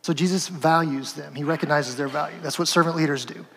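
A man's voice: fairly high pitch, fairly even intonation, fast talker, a bit bright, husky, long reverb tail. A man preaching a sermon as pastor, conversational and asking the congregation questions.

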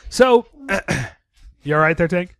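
Goofy young podcast host guy, high voice, jumps all over the place. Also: takes it slowly, clear, resonant tone. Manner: goofy, animated, laughs at himself. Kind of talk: casual podcast chat.

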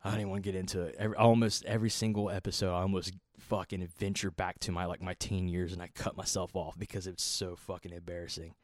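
A man's voice: sits low, little pitch movement, fast, hardly any pauses, no room sound, studio quality. A man in his thirties ranting casually and profanely as a podcast host, rambling and exasperated. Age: 30s.

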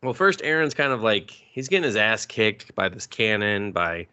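A man co-hosting a casual podcast, riffing crudely with lots of swearing and quick put-on quotes. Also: on the low side, very animated, pushed and bright, clear, resonant tone. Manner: crude, profane, mocks scenes with put-on quotes. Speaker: podcast co-host.

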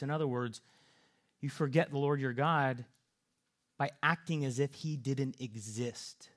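A man's voice: medium pitch, a little slow, long pauses. A man preaching a sermon, earnest, often repeating and restarting words.

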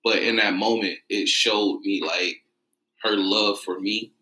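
A man in casual chat, telling a story with energy and jumping into high voices when he quotes people. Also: fairly even intonation, unhurried, bright, forceful tone, echoey room, poor audio. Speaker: guest telling his side of a story.

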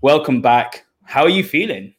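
A man's voice: mid-range voice, lively intonation, moderate pace, slightly rough. A man in his twenties hosting a football podcast, talking fervently and emotionally about his idol. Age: 20s. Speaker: podcast host.

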